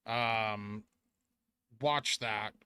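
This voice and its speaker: A man's voice: lowish voice, drawn-out words, pushed and bright, smooth. A man hosting a casual stock market livestream, answering chat and thinking aloud over charts in an offhand, muttering way.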